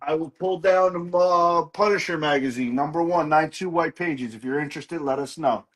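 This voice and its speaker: A man with a slightly higher-than-average voice hosts a live online comic sale. He moves quickly through the stock, naming issues, grades and prices in a relaxed, offhand way. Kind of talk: live sales stream chat.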